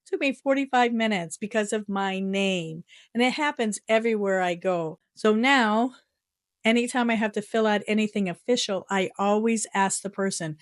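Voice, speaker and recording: A middle-aged woman from the United States tells a story to the camera in a casual vlog, animated and exasperated, laughing often. Her voice sits at an ordinary pitch and sounds close and dry, with almost no room echo. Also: normal speed. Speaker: vlogger. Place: her home in Japan.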